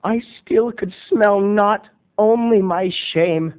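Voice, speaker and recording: A man in his thirties with a very high voice tells a comic story to the camera. He talks in a melodramatic, theatrical way, and the sound is dull and lo-fi. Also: steady tone, slow. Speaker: video blogger. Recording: dull lo-fi recording.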